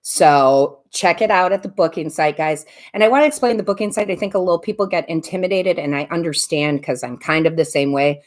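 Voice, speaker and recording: Woman, middle-aged, bubbly casual live-stream chat, somewhat low voice. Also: brisk, hardly any pauses. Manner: warm, bubbly greetings of viewers by name, frequent laughs. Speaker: tarot reader and medium hosting a live stream.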